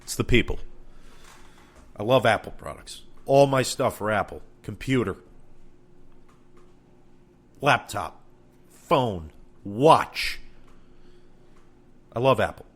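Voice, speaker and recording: A man with a fairly low voice tells a comic story about his own errands. He sounds exasperated and swears freely, slipping into the voices of the people he met. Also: lively intonation, slow pace, long pauses. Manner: exasperated, profane, acts out both sides of conversations. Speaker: comedian. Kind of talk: comedic storytelling monologue.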